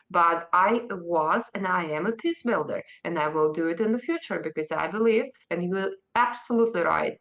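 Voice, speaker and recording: A woman's voice: lowish voice, a bit bright. A woman in her thirties from Russia with a Russian accent, answering a news interviewer emphatically and insistently. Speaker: interview guest.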